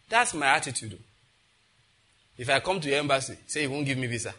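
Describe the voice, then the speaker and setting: A man's voice: mid-range voice, animated, a little fast, pauses often, bright, forceful tone. A married man preaching a sermon, boldly leading the congregation in repeated declarations with humor. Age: adult, married. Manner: bold, humorous, leads the crowd in repeated declarations. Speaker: pastor. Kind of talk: sermon with call-and-response declarations.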